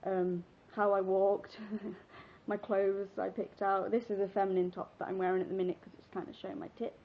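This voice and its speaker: A woman's voice: mid-range voice, level tone, moderate pace, a little hiss or hum. A sixteen-year-old girl from England telling a personal story in a casual, chatty, giggly vlog, rambling with fillers. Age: teens. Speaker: vlogger. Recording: dull lo-fi webcam audio.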